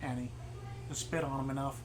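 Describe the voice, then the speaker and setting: A man's voice: mid-range voice, flat delivery, brisk, background noise. A man playing in a tabletop game, joking and playful with his friends. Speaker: player. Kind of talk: casual chat at a tabletop game.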